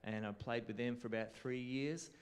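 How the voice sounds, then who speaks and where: A man's voice: medium pitch, steady tone, moderate pace, clear, resonant tone. A man with an Australian accent presenting a conference class in a chatty, informal way, often turning to the audience with questions. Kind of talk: informal teaching talk. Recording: reverberant hall sound.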